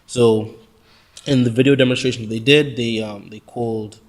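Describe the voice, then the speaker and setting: A man's voice: medium pitch, steady tone, normal speed. Eager man talking tech. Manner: enthusiastic, rambling with fillers. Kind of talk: casual discussion.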